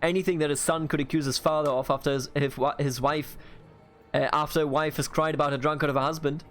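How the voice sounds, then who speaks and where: Game figure: a man reading a halting, pleading drunkard father on trial, slightly high voice, soft music behind. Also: fairly even intonation, close to an everyday voice. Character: remorseful middle-aged drunkard father on trial.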